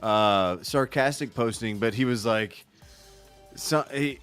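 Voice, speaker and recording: A man's voice: mid-range voice, slow pace, a bit bright, clear, resonant tone, soft background music. A man co-hosting a drinking livestream, rambling and joking with crude humor. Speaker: podcast co-host. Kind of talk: casual livestream banter.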